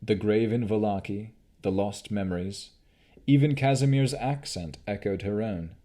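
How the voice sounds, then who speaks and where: A man narrating an audiobook of a fantasy novel in a measured, deliberate reading. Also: fairly low pitch, dark tone.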